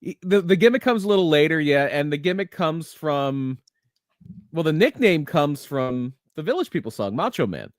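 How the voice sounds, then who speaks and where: A fairly high-voiced man rambles through wrestling history on a podcast, circling back and restarting his sentences as he goes. His voice is close and dry, with no room around it. He laughs often between stories. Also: big pitch swings, moderate pace, dry recording. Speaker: podcast co-host. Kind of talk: casual wrestling chat.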